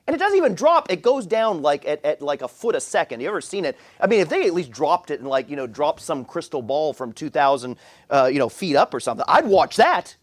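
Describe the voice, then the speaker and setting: In church, a pastor with a fairly high voice preaches briskly and with animation. He stammers often, repeating words as he restarts his phrases.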